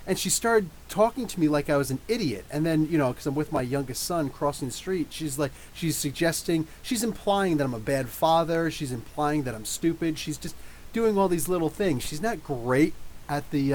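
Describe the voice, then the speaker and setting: A man's voice: fairly high pitch, a little mellow, a little hiss or hum. A man in his thirties from New Jersey, hosting a casual live podcast Q&A, talking in a rambling, chatty way with many restarts. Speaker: podcast host.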